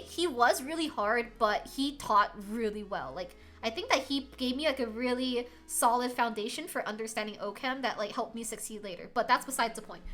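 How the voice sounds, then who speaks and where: A young woman streamer telling a story in a high, bright voice, animated and filler-heavy. Faint music plays underneath. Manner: animated, laughing, lots of filler words. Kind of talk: casual storytelling chat.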